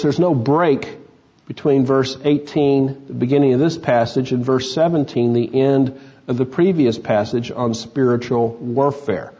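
A man preaching an expository sermon, explaining scripture in a measured, teacherly way. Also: medium pitch, darkish tone, dull audio. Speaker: pastor.

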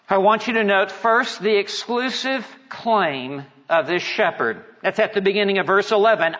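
Emphatic preacher in a reverberant hall. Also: male voice, a little high, fairly bright tone. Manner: measured, emphatic preaching with dramatic pauses. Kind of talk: expository sermon. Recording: dull reverberant hall sound.

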